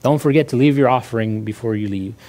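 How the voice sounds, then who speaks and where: A man's voice: medium pitch, fast, mellow. A male pastor preaching a sermon in a conversational way, repeating key phrases and often restarting his sentences. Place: church.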